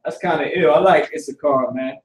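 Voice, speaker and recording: A man with a slightly high voice teaches a class in a loose, slangy way, sounding words out slowly and saying them again and again. He is picked up from a distance in a room with a lot of echo. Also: slight background noise. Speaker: language teacher. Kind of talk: live online class. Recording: echoey room, far from the mic.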